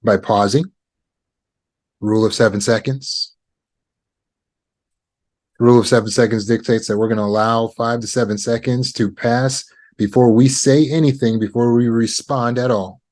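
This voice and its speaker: A man coaching on trauma recovery, teaching negotiation skills in a calm, measured way with deliberate pauses. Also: mid-range voice.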